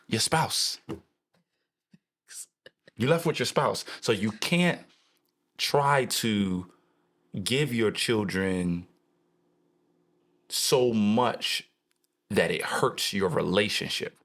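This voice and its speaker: A young adult man co-hosting a podcast in casual chat, animated and jokey with a preacher-like emphasis. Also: on the low side, extremely slow, pauses often. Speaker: podcast co-host.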